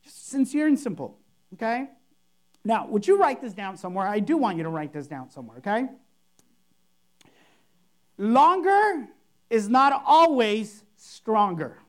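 A woman's voice: mid-range voice, sing-song, a little fast, darkish tone. A woman pastor preaching a sermon, emphatic and repetitive, acting out showy and simple prayers to make her point. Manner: emphatic, repeats key phrases, mimics overblown prayers.

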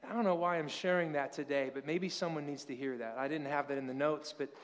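A man's voice: a little high, steady tone, quick pace, in a large hall. A pastor in his thirties preaching a casual, story-filled sermon full of rhetorical questions.

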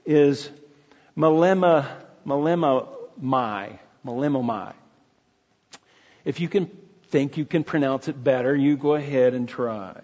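Halting, earnest male preacher, a bit husky and higher-pitched, heard in a hall. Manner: earnest, halting, with many restarts. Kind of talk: sermon. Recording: dull lo-fi sound in a reverberant hall.

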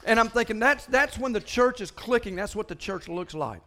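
A high-pitched man with a drawl preaches to his congregation. He talks in animated bursts, stumbling and repeating words as he builds up. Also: normal speed, a little hiss or hum. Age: older than most listeners. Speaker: pastor. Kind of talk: sermon.

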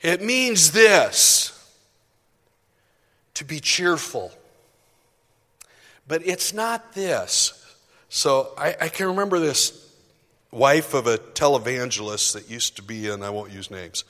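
Speaking slowly with long pauses, this pastor has a higher-leaning, expressive voice that sounds bright and forceful. He addresses his congregation in a conversational, self-deprecating sermon packed with asides, and the sanctuary gives it a long hall reverb.

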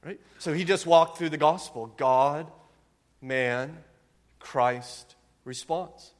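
A man's voice: a little high, slow pace, big-room sound. A man preaching a sermon as pastor, with an earnest, emphatic delivery and frequent rhetorical questions.

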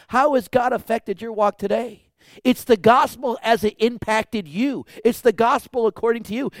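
A man preaching a sermon, repeating phrases rhythmically and building to loud, emphatic exhortation. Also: very high voice, dry recording, studio quality. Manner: repetitive, rhythmic preaching with rhetorical questions. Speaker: pastor.

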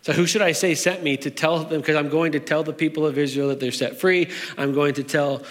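Male pastor, slightly high voice, loose conversational sermon, reverberant sanctuary. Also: steady tone, brisk. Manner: conversational, with fillers and restarts.

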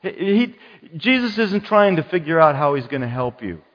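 Male pastor, sermon, animated storyteller, slightly high voice, echoing church hall, muffled. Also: moderate pace. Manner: animated, acts out quoted voices. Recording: muffled church hall sound with long reverb.

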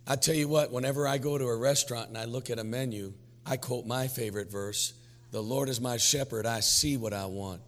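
A man's voice: medium pitch, fairly even intonation, brisk, fairly bright tone, in a large hall. A man preaching as pastor, his voice weak and worn, joking with the congregation in a folksy way. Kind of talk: sermon.

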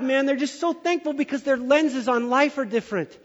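A middle-aged male pastor preaching a sermon in a church, an animated storyteller who exaggerates for effect. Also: extremely high pitch, moderate pace. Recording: dull sound with long hall reverb.

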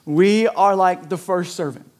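Male pastor, high-pitched voice, casual, conversational sermon delivery. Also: unhurried. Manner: conversational, frequent "right?" asides.

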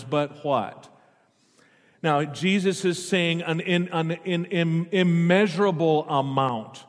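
Pastor guy giving a sermon, reads a verse then explains it, asks the room questions, voice echoing in a big hall. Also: on the high side. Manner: reads scripture aloud and stops often to explain it. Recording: long hall reverb.

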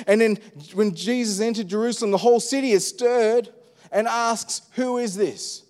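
A middle-aged man delivers a sermon with a high voice and an easy, conversational manner. He keeps asking the room rhetorical questions. His voice carries a long reverb from a large church hall. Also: moderate pace, a little mellow. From Australia. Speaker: pastor.

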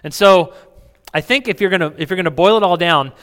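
A man's voice: sits high, fairly quick, fairly bright tone, clear, resonant tone. A man preaching a sermon as pastor, conversational, asking the congregation questions and chuckling between points. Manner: chuckles, many restarts. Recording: reverberant hall.

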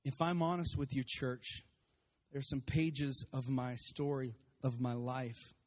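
A man's voice: medium pitch, steady tone, slow, darkish tone. A man in his forties preaching a sermon as pastor, emphatic, repeating refrains and laughing at times, recorded in a church. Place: church sanctuary with congregation. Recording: long hall reverb.

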